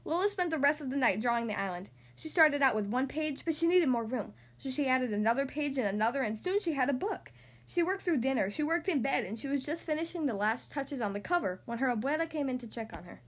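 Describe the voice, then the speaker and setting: A woman narrating a children's storybook aloud with expressive, clear delivery. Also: high-pitched, fast talker.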